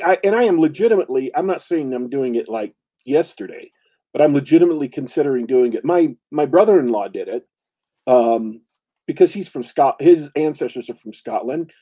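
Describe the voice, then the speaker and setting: A man's voice: medium pitch, breathy edge. A man co-hosting a casual chat, rambling, laughing often and restarting his sentences. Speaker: podcast co-host. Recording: lo-fi, dull sound.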